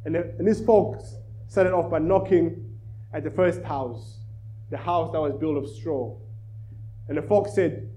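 A man preaching to a church, telling a children's story with lively energy. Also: a little high, measured pace, muffled recording. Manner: animated storyteller, rising in volume. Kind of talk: sermon with storytelling.

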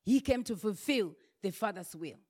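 A woman's voice: medium pitch, expressive, normal speed, a little mellow. A woman preaching a sermon, building her points through emphatic repeated refrains.

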